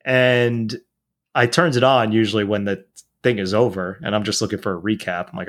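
A man's voice: fairly low pitch, steady tone, a little fast. Blunt, swearing man in casual chat. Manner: blunt, profane, rambling with restarts.

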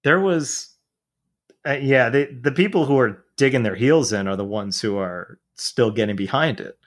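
A man's voice: medium pitch, expressive, normal speed. A man talking politics in a casual chat, blunt and profane, rambling with restarts.

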